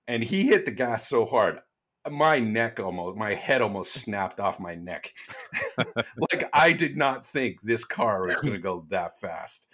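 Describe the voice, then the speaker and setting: A man co-hosting a podcast, telling stories in a relaxed, chatty way. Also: lowish voice, unhurried. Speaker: podcast co-host. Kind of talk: casual chat.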